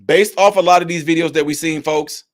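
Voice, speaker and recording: A man giving a heated, preachy political commentary vlog, rising at times to shouts. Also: fairly high pitch, fairly even intonation, brisk. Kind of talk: ranting video commentary.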